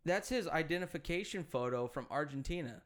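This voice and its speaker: A man's voice: a little high, animated, brisk. A man co-hosting a casual chat, telling a story in a rambling, hesitant way with plenty of fillers and swearing. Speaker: podcast co-host.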